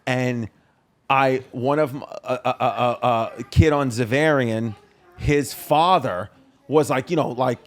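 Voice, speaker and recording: A man in his thirties hosting a podcast in casual chat, telling stories with loud bursts of shouting. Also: medium pitch, slow. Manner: animated storyteller, shouts while acting out stories. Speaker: podcast host.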